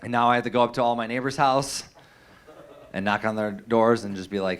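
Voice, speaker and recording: On stage in front of a live comedy crowd, a young man delivers a stand-up set of loose, profane stories packed with fillers and restarts. He talks fairly quickly in a mid-range voice.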